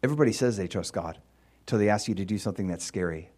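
A man's voice: on the low side, fast, a little mellow. A male pastor preaching a sermon in a conversational, storytelling way.

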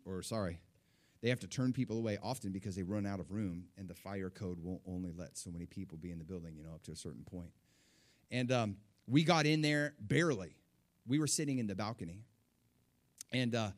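Male storyteller, mid-range voice, casual testimony, swings from hushed to excited. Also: mid-range voice. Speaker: speaker sharing a testimony.

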